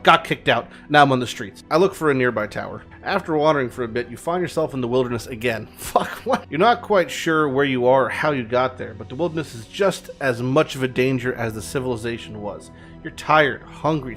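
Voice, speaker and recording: A man casually commenting while playing a text game, joking, swearing and reading the game's text aloud. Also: medium pitch. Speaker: game streamer.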